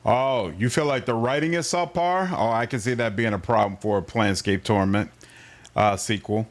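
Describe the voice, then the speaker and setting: A man casually chatting through a game livestream, answering his chat in a relaxed way. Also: fairly low pitch, normal speed. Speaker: streamer. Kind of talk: casual gameplay livestream commentary.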